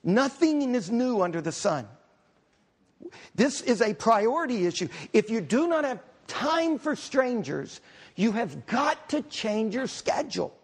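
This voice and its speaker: Male pastor, middle-aged, fairly high voice; conversational sermon full of humorous asides. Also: sing-song, measured pace, slightly rough.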